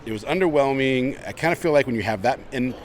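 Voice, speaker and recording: A man's voice: medium pitch, animated, fast talker, slight background noise. A man co-hosting a podcast, telling stories and laughing in casual chat outdoors at a busy convention. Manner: laughing, chatty storyteller. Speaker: podcast co-host.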